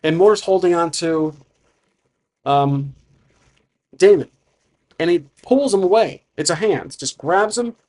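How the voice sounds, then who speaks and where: A man's voice: high voice, measured pace, pauses often, mellow. A man narrating his solo tabletop game, thinking aloud with frequent restarts. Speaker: solo game master and player.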